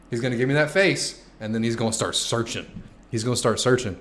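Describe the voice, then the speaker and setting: A fast-talking young man with a medium-pitched voice, in his twenties, answers chat questions during a casual stream. He jokes around, swears freely and sometimes shouts.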